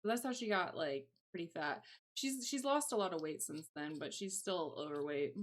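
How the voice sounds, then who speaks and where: A woman's voice: fairly low pitch, lively intonation, normal speed. Chatty young woman with a Southern twang. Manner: rambling, chatty, reads and answers chat aloud. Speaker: livestreamer. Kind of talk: casual live-stream chat.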